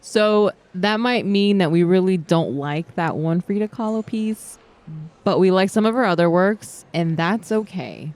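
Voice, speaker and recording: A woman's voice: on the low side, unhurried, a little mellow. A woman co-hosting a podcast, explaining things earnestly in casual, partly scripted banter, with a playful edge. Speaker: podcast co-host.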